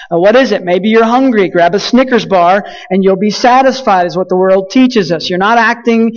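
A man's voice: high voice, brisk, hardly any pauses, highs cut off. A young man from West Texas preaching a sermon, telling folksy stories with lots of fillers and restarts. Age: young adult. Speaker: pastor.

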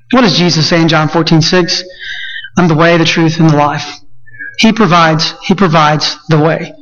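Man, pastor preaching, high voice, emphatic slow peaks, muffled lo-fi sound. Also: fairly bright tone. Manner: builds to high emphatic peaks, slows for stress. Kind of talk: sermon.

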